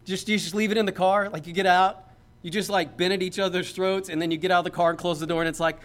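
Pastor guy with a fairly high voice, chatty sermon, jokes then gets fired up. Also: fairly even intonation, quick pace, a bit bright. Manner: conversational and joking, building to emphatic points.

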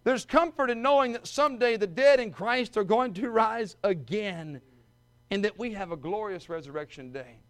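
A male preacher with a high, light voice delivers a sermon. He moves from soft, close storytelling to loud, ringing shouts at the peaks, and calls his listeners friends. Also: normal speed. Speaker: pastor.

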